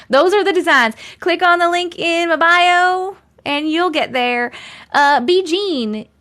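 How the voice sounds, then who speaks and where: A chatty woman from Long Island hosts a relaxed live stream from home. Her voice sits high, and she keeps up a friendly back-and-forth with her viewers, laughing often and thanking them by name. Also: slow. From Long Island, USA. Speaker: live-stream host reading chat. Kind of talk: casual live-stream chat.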